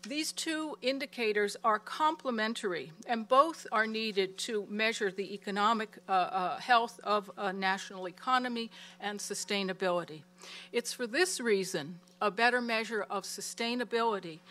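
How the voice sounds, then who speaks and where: A woman giving a prepared presentation of a research report in a steady, measured way. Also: medium pitch.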